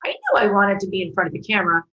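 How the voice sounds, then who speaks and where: A woman from England, a podcast guest, telling her life story in a lively, chatty way full of fillers. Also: mid-range voice, rapid-fire, reverberant, muffled recording. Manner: lively, chatty, frequent "like" and "you know". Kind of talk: casual interview storytelling.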